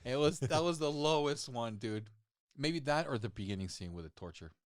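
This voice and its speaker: A male actor talking as a podcast guest, relaxed and profane, laughing often and restarting his sentences. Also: medium pitch, moderate pace, no echo, studio quality. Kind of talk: casual chat. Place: podcast set.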